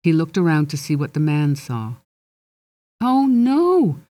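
A narrator reading a children's fantasy story aloud in a steady, gently expressive way. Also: mid-range voice, a little fast, dry recording. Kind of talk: audiobook narration.

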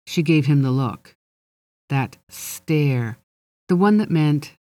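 A narrator reads a storybook aloud in a steady, gently expressive manner. The voice is mellow and warm, and the recording is dry and close. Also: mid-range voice, slow, dry recording. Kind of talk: audiobook narration.

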